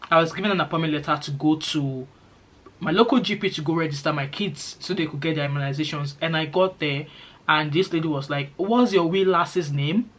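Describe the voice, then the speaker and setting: Fast-talking Nigerian woman vlogger. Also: sits low. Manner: fast-talking, lively storytelling. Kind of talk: casual chat to camera.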